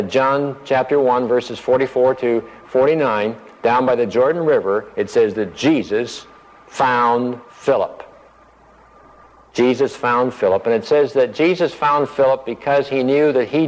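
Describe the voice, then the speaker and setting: A man's voice: medium pitch, in a large hall, rough recording. A man giving a conversational Bible teaching, thinking aloud as he explains the passage and acting out the quoted lines.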